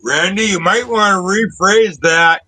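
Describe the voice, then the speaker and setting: A man's voice: high-pitched, a little slow, sharp tone, low-quality recording. A man joining a casual chat with wry, joking remarks.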